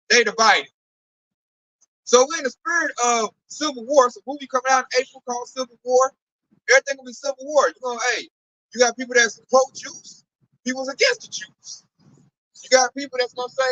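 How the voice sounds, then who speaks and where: A man's voice: very high voice, brisk, sharp tone, far from the mic, poor audio. A man giving a street-style sermon commentary, talking in slang and acting out other people's voices as he quotes them. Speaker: preacher.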